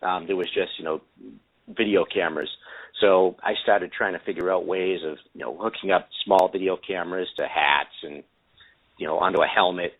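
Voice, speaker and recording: A man's voice: low-pitched, fairly even intonation, normal speed. A man calling in as a guest, telling a story in a rambling way with many fillers and restarts. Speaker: guest inventor of camera glasses. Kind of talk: casual storytelling on a call-in show. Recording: tinny phone line.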